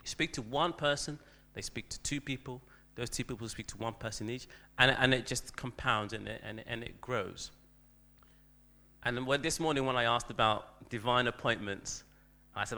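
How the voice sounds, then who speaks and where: A man's voice: medium pitch, normal speed, bright, forceful tone. A man, a teacher, telling a self-deprecating story in a church talk, with frequent restarts.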